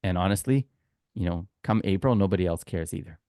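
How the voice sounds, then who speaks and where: Low-voiced Canadian man hosting a chat. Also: fairly quick, warm tone, no echo, clean studio sound. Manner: chatty, joking, opinionated. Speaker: podcast co-host. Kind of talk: casual podcast chat.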